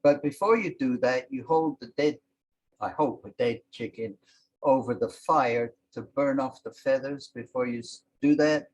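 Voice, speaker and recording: A man teaching a language lesson, explaining words slowly and calling out each one with emphasis. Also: mid-range voice, a little mellow, low-quality recording. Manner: slow and explanatory, sounding out each word with emphasis.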